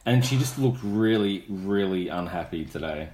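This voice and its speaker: A man's voice: low voice, animated, normal speed, darkish tone. A man co-hosting a casual podcast chat, laid-back and answering in short agreeing lines. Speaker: podcast co-host. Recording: roomy, faint background noise.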